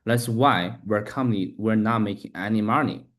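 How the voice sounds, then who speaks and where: A man learning English, talking haltingly, restarting sentences and spelling words letter by letter. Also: lowish voice, fairly bright tone. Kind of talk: casual practice conversation.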